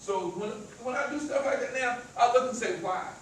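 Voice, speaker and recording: A man's voice: very high voice, brisk, a little hiss or hum. A man with a country accent who stutters and stammers, repeating words as he gives a motivational talk to a live audience. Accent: rural American country accent. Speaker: motivational speaker. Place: echoey event room with an audience. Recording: very echoey room, voice far from mic.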